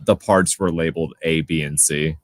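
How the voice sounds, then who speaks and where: A man's voice: rumbling low, fairly even intonation, moderate pace, dry recording, studio quality. A man co-hosting a podcast, joking and teasing the guests in casual chat. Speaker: podcast co-host.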